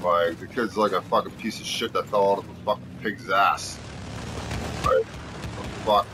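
A man's voice: low voice, fairly even intonation, normal speed. A man hosting his own gameplay video, swearing constantly and taunting his opponent. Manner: aggressive, trash-talking, swearing constantly. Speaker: gaming video host. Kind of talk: profane gameplay commentary. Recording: noisy with game audio. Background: game sounds and vehicles.

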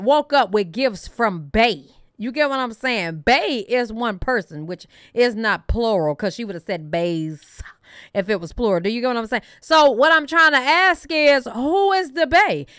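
A woman's voice: high voice, sharp tone, no room sound, clean studio sound. A woman hosting a reaction video, chatting casually and gossiping, often asking "you get what I'm saying". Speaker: reaction channel host.

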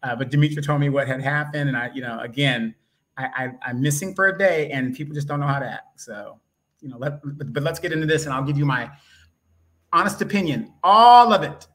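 A man co-hosting a talk show, speaking in a relaxed, rambling way and often restarting his sentences. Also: medium pitch, quick pace. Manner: relaxed, rambling, self-correcting. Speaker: co-host. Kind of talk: casual talk show chat. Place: vacation spot with motorcycles outside.

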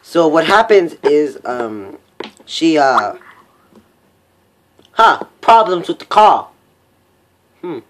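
A young man casually recapping a cartoon episode on a voice call, rambling and halting. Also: fairly high pitch, sing-song, slight background noise. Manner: rambling, halting, full of fillers. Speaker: vlog host.

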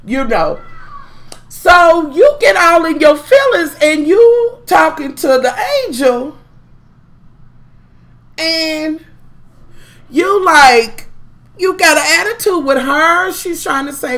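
Brief: female vlogger, sharp bright tone, foul-mouthed gossip rant with mocking drama. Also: high voice, big pitch swings, slow, pauses often. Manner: profane, sassy, heavy swearing. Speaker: vlogger recapping a reality show.

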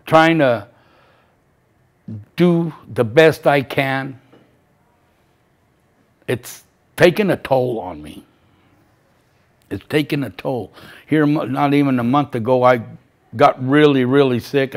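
An older man in his seventies speaks to a class as a grieving father. His delivery is raw and uneven, with broken-off phrases and words repeated for weight. His voice sits in an ordinary middle pitch. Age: 70s. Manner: emotional, halting, repeats phrases. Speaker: victim's father giving testimony. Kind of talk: personal testimony to a class.

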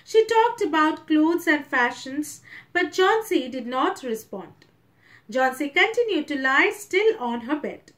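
A woman's voice: high voice, very animated, a little slow, fairly bright tone. A woman teacher with an Indian English accent, explaining a story to a class and retelling each passage in simpler words.

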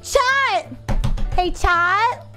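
Female streamer, very high voice, crude comic ranter, faint music under her. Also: extremely slow. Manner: brash, crude, comic rants to chat. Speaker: VTuber streamer. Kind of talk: live game stream commentary.

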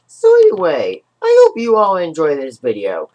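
A woman hosting a casual watch-along, rambling and giggly, often saying "so anyway," her voice cracking up into a squeaky high register. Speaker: channel host.

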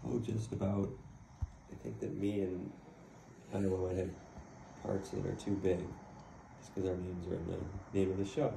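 A woman's voice: a bass voice, little pitch movement, moderate pace, vocal fry, pauses often. A woman in playful casual banter, teasing and laughing a lot. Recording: noisy background hiss.

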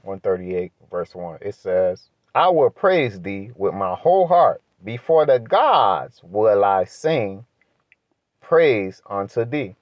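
A man teaching from the Bible in a preaching style, asking rhetorical questions and building to emphatic high-pitched points. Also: very animated, slow pace, dry recording, lo-fi sound. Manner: emphatic, rises sharply in pitch when pressing a point; asks rhetorical questions, adds "right?".

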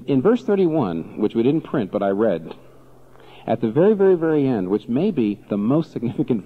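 Animated male preacher, dull recording. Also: medium pitch. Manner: animated preaching, rhetorical questions. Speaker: pastor. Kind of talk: sermon.

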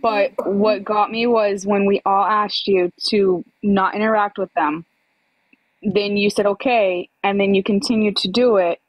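A woman with a mid-range voice moderates a livestream chat. She lays out her complaint calmly and point by point. The sound is dry and close. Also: medium pitch, dry recording, highs cut off. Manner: measured, explains point by point.

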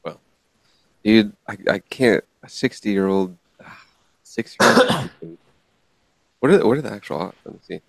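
Low gravelly podcast guy, laughing a lot. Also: animated, normal speed, pauses often, darkish tone, no echo. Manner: laughs often, reads articles aloud. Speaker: podcast co-host. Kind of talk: casual chat.

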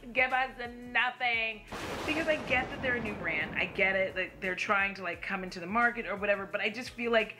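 A woman's voice: mid-range voice, pushed and bright. A young woman giving blunt, sassy makeup commentary from home, swearing casually. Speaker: beauty YouTuber.

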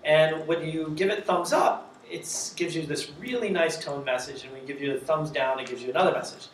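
A man giving a conference talk, lively and joking, asking the audience rhetorical questions. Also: fairly high pitch, brisk, roomy sound, distant mic, a little hiss or hum. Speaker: conference speaker.

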